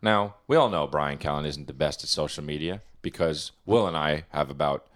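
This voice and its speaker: A young man co-hosting a podcast, joking and teasing, often breaking into loud laughter. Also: rumbling low, moderate pace. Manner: laughs hard while reading, loud bursts. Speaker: podcast co-host. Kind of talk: casual comedic banter.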